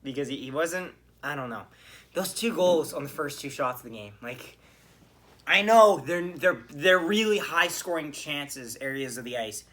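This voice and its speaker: A man hosting a podcast, reacting to a hockey game in a casual, animated way, with bursts of swearing. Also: on the high side, moderate pace. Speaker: podcast host.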